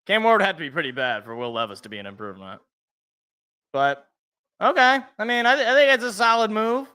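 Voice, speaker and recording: A young man with a high, bright, fairly tense voice hosts a casual live reaction stream. He talks loosely, thinks out loud and chuckles to himself between remarks. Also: animated, brisk, clean tone.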